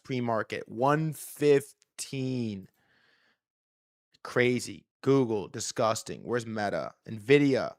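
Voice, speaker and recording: A man in the middle of his range, talking fast and cursing freely as he hosts a live market stream. His delivery is heated and excitable. The recording is dry and close, with no room sound. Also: medium pitch, no echo. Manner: profane, heated ranting. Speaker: livestream host.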